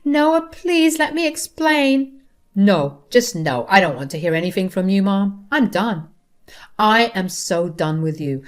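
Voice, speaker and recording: A woman voicing a young husband who speaks forcefully and indignantly. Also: mid-range voice. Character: young husband, protective and furious at his mother.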